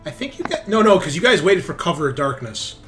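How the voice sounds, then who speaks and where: A man's voice: high voice, very animated, fast, over music. A man narrating as game master of a tabletop game, casual, joking and profane.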